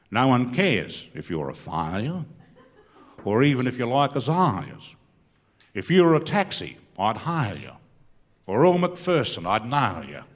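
Lively Australian man telling comic tales. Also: medium pitch. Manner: laconic, self-mocking, with hesitant restarts. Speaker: bush poet and comic performer. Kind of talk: comic storytelling and rhyming recitation. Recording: reverberant hall.

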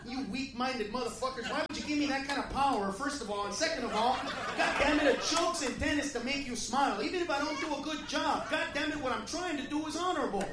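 A man from the United States doing a profane stand-up comedy set, shouting rants at the audience. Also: very high voice, fast talker, few pauses. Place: comedy club stage. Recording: roomy club recording from off-mic with crowd and noise. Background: audience laughter.

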